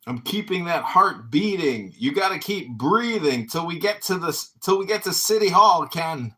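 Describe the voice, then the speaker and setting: A man's voice: fairly high pitch, lively intonation, moderate pace, pushed and bright. A man hosting a casual online audio chat, greeting people effusively and repeating catchphrases. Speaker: political candidate hosting an audio chat room.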